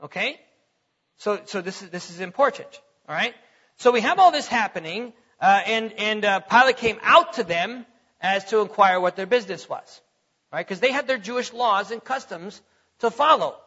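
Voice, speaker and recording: A man's voice: sits high, lively intonation, moderate pace, sharp tone, breathy edge. A man preaching a teaching sermon in a conversational way, stopping often to check that the listeners follow. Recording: dull lo-fi recording.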